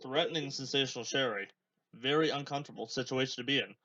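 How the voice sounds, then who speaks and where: A man hosting a podcast, making relaxed, offhand running remarks while he watches a match. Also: medium pitch, fast, lo-fi sound. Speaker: podcast host. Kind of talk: casual live commentary while watching a match.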